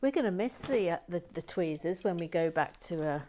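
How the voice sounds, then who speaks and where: A woman hosting a Lego building channel, chatting quietly to herself and her viewers as she builds. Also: on the low side, expressive, fairly quick, a little hiss or hum. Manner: soft-spoken, talks quietly to herself and viewers. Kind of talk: casual chat while building.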